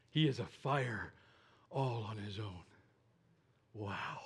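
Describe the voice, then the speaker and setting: A middle-aged man preaching a sermon, swinging from hushed asides to emphatic declarations and asking the congregation questions. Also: a little high. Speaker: pastor.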